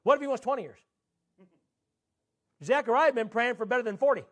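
High-voiced man preaching emphatically. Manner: emphatic preaching with slow, drawn-out scripture quotes and sharp pitch swings. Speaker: pastor. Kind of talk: sermon.

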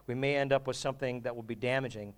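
A man's voice: mid-range voice, steady tone, fast, smooth. A male pastor preaching a sermon in a humorous, conversational way, often asking the congregation questions.

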